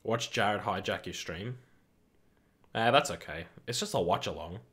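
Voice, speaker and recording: A young man from the UK, his voice on the low side and a little slow, hosts a football watch-along. He chats casually, reads out the chat, swears and grows excitable.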